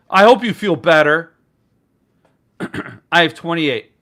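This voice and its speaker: A man's voice: a little high, pushed and bright. A man hosting a casual live stream about books, rambling and joking as he reacts to chat comments. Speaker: booktuber host.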